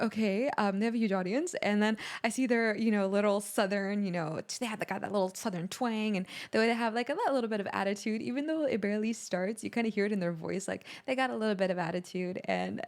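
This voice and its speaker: Rambling, excitable woman reacting to music. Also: mid-range voice. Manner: rambling and excitable, full of fillers and restarts. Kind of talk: casual reaction commentary.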